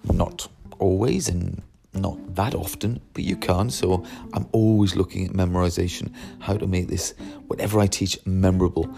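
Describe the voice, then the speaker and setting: A deep, gravelly man explains his method for teaching languages, emphatic as he asks and answers his own questions. His tone is mellow and dark. A faint guitar plays behind him. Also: moderate pace.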